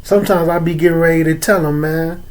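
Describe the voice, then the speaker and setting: A man from Chicago speaks in a casual, streetwise African American English accent, his voice sitting a little higher than most men's. He talks to his listeners like old friends, keeps dropping "man" into his sentences, and chuckles between points. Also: steady tone, fast talker. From Chicago, USA. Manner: loose, streetwise, repeats "man" and "you know what I'm saying". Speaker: host. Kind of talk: casual religious talk to an audience.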